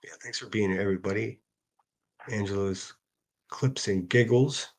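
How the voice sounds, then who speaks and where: A man with a fairly low voice and moderate pace hosts a solo livestream. He reads out hostile comments and answers them in a sarcastic, profane rant.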